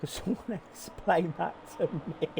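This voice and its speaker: A man giving excitable, swear-filled live commentary on a sim race, often laughing in disbelief. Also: a little high, measured pace, gravelly, a little hiss or hum.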